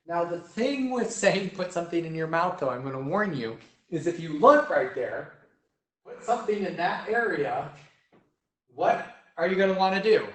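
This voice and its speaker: A young man coaches a choir in vocal technique, walking through each step and frequently asking "right?" along the way. His voice sits a little high with a slightly bright edge, and he sings demonstrations. The recording has a roomy echo.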